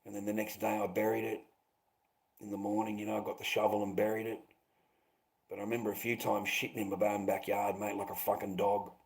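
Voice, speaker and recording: A man's voice: lowish voice, animated, brisk, creaky, poor audio. A man chatting to his livestream viewers, rambling and swearing, calling them mate and bro. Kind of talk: casual livestream chat.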